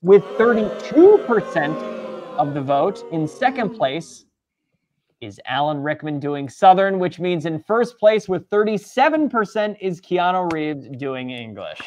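A livestream host in casual panel chat, jokey and animated, running a poll for the chat over a video call. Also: medium pitch, a little slow.

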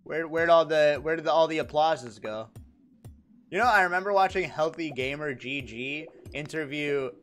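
A young man streaming a game, chatting casually with his viewers in a joking, animated way and laughing often. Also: a little high, normal speed, faint music behind. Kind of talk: casual livestream chat, reacting to chat.

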